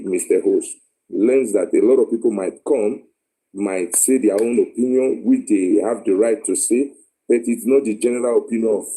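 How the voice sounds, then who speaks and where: A Nigerian man from Edo State speaking as a caller in a live online discussion. He makes a measured, earnest appeal and pauses often with fillers. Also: lowish voice, mellow, poor audio.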